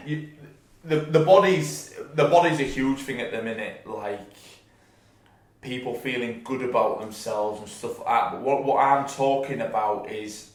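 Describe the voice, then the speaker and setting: A young man talks loosely and casually, spinning anecdotes peppered with swearing. His voice sits at a middling pitch. It is recorded in a noticeably echoey room. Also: measured pace. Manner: chatty, swearing anecdote-telling. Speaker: podcast co-host. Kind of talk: casual chat.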